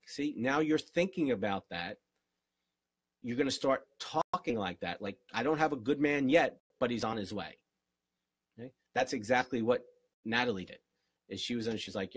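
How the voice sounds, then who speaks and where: A man's voice: mid-range voice, fairly bright tone, breathy edge, no room sound. A man, a relationship coach, answers viewers' questions in an earnest, encouraging live-stream Q&A and repeats his key phrases. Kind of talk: live-stream Q&A, motivational advice.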